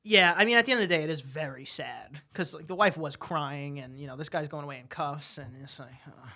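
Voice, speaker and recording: A man's voice: fairly high pitch, a little fast, creaky, pushed and bright. A man co-hosting a podcast, telling stories in casual chat and often stumbling over and repeating his words. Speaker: podcast co-host.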